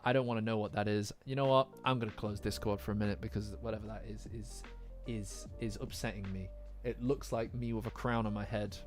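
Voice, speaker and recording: Young English guy, casual streamer, jokey and sweary, quiet lo-fi music bed. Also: on the low side, steady tone, a little fast. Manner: laughing, jokey, swears freely. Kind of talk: casual live-chat commentary. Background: faint lo-fi music.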